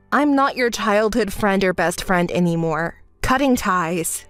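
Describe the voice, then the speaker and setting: A woman narrating a dramatized texting story as the friend, speaking calmly in an exasperated, scolding way. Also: medium pitch, measured pace, hardly any pauses, smooth, no echo, faint music behind.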